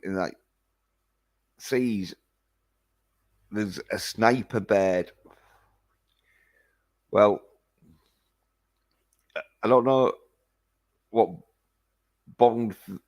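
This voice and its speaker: A man recapping a film in a casual, rambling way, full of hesitations and swearing. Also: low voice. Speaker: film reviewer.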